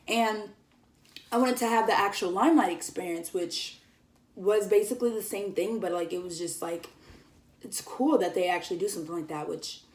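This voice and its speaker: A woman's voice: mid-range voice, a little mellow. A young woman vlogger telling a casual story, chatty and giggly, with lots of "like" and "um". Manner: chatty, giggly, full of fillers like "like" and "um". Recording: echoey room, somewhat far from the mic.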